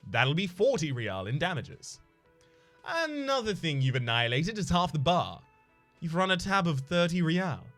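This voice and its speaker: A man voicing a gruff middle-aged male bar manager who haughtily demands money. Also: a little high, fairly bright tone.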